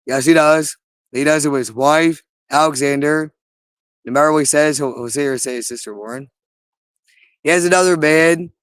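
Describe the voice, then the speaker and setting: In a dry, close recording with no room echo, a man delivers an agitated, rambling monologue packed with profanity and repeated phrases. His voice is clear, resonant, fairly bright, and a little high for a man, at a normal speed.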